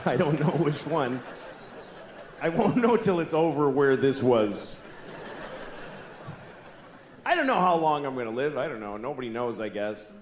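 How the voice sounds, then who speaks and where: A man in his forties performing a stand-up comedy routine in a wry, rambling, self-mocking way. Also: mid-range voice. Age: 40s. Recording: echoey room with noise.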